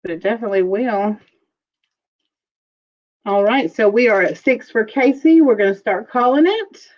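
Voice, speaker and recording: A woman hosting a casual live-streamed jewelry auction, chatting slowly as she describes pieces and calls out viewer bids. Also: fairly high pitch, muffled recording.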